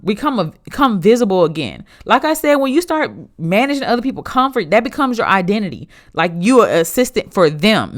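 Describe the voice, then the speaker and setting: A woman's voice: fairly high pitch, fairly bright tone. A young adult woman, hosting a motivational solo podcast in a blunt, emphatic, conversational way. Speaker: podcast host.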